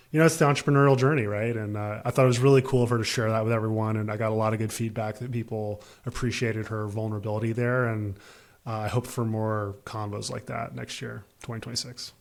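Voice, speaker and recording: A man co-hosting a podcast in casual chat, relaxed and easygoing as he introduces a clip. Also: fairly low pitch. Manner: relaxed, easygoing, many "uh" fillers. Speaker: podcast co-host.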